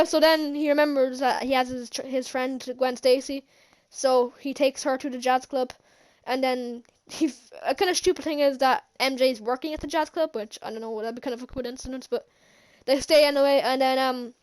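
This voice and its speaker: High-voiced woman giggling through a rambling movie recap. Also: fairly even intonation, normal speed. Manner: rambling, giggly, many restarts. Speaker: movie reviewer.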